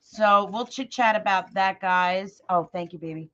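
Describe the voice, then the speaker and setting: Woman craft livestream host, loud and bubbly, bright edge, muffled lo-fi sound. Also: medium pitch, unhurried. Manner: loud and excitable. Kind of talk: chatty live craft tutorial, greeting viewers. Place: at her craft table.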